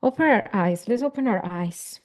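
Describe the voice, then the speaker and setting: A woman, a parenting educator leading a guided visualization in a soft, earnest, affirming way with emphatic repeated phrases. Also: fairly high pitch, animated, normal speed. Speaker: parenting educator leading a live online session. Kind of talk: slow guided visualization, speaking to the audience.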